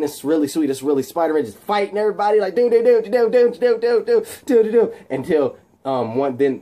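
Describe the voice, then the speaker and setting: A man casually retelling a movie fight scene, animated and shouting sound effects, with many fillers. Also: mid-range voice. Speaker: video host recapping a film.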